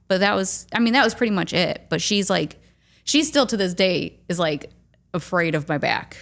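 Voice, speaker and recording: A woman's voice: fairly low pitch, lively intonation, moderate pace, gravelly, a bit bright. A woman with a Midwestern American accent co-hosting a podcast, chatty and self-deprecating as she tells stories. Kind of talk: casual podcast conversation.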